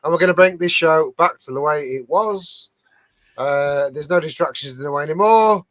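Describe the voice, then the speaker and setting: A man's voice: a little high, normal speed, a bit bright, dry recording. Sweary rambling man co-hosting. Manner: sweary, rambling sign-off with filler. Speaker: podcast co-host. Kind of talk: rowdy banter among friends.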